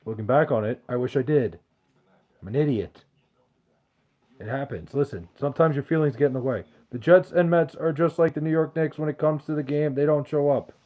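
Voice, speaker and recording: A man's voice: a little high, brisk, dull audio. A man hosting a podcast, reading out chat questions in loose, profane, joking banter. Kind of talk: casual chat.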